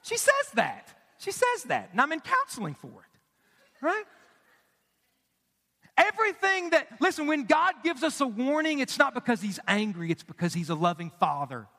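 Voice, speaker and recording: A man in his thirties preaching with a strikingly high, bright, forceful voice. He presses his points with rhetorical questions and sudden hushed drops. The sound rings with the long reverb of a large hall. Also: big pitch swings, moderate pace, pauses often. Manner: emphatic, asks the congregation questions, drops to quiet for emphasis. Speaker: pastor. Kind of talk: sermon.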